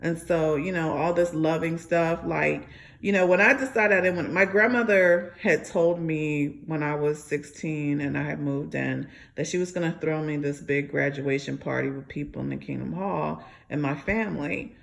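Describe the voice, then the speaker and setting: A woman's voice: deep voice, moderate pace, creaky. A young adult woman telling her own story in a rambling way, with many fillers and restarts. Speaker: ex-member sharing her story. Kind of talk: personal storytelling monologue.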